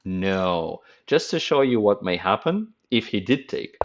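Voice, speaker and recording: A man's voice: lowish voice, very animated, unhurried, few pauses, background noise. A man commenting on a chess game as a teacher, with a playful, dramatic storytelling manner, on a dull lo-fi recording.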